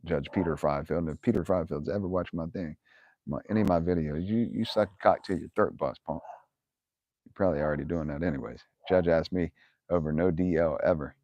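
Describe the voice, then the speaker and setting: On a livestream, a deep-voiced man answers viewer questions at a moderate pace, his tone darkish and the audio free of room sound. He's blunt and profane, laughing often and angrily repeating his own words as he tells casual stories.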